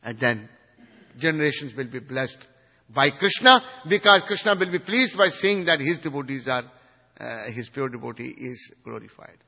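Husky man giving a devotional lecture. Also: medium pitch, lively intonation, moderate pace. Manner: swings from hushed to emphatic, asks the audience questions. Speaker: spiritual teacher. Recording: dull recording in a reverberant hall.

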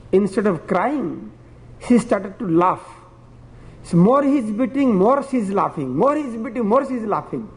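A man's voice: sits high, a little mellow, long reverb tail, poor audio. A man preaching a devotional sermon and telling parables in simple, broken phrasing, chuckling at his own stories.

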